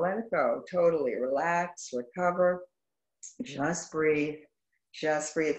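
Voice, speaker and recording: A woman yoga instructor teaching a live class over a video call, calling out poses in brisk, clipped commands and greeting students warmly by name. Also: on the low side, animated, echoey room, rough recording. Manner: brisk rapid-fire commands in short clipped phrases. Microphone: video call microphone.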